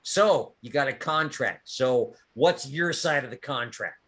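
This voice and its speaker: A man's voice: medium pitch, animated, unhurried, fairly bright tone, slightly rough. A man voicing a short, stocky, greedy male bogan who oversees contracts, talking in a coarse, wheedling way.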